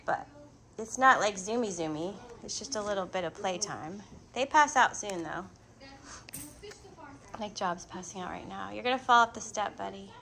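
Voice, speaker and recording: A woman's voice: medium pitch, moderate pace, creaky, fairly bright tone. A young woman with a cold chatting in sing-song baby talk to puppies in an indoor pen. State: has a cold. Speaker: dog breeder. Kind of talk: casual vlog, chatting to puppies. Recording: noisy background.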